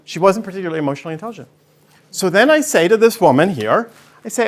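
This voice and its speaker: Male guest speaker, slightly high, energetic storyteller who does the voices. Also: quick pace. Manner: energetic, acts out voices when telling stories. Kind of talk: animated storytelling talk.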